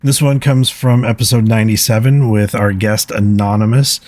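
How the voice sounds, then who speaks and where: Male podcast host, lowish voice, earnest and reflective, dry close-mic sound. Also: steady tone, normal speed, darkish tone, dry recording. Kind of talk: solo podcast talk, reading listener comments.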